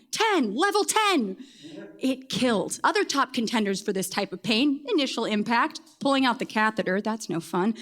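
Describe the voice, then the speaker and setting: A woman telling a personal story on stage, wry and self-deprecating, landing deadpan punchlines. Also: fairly high pitch. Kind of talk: comedic live storytelling.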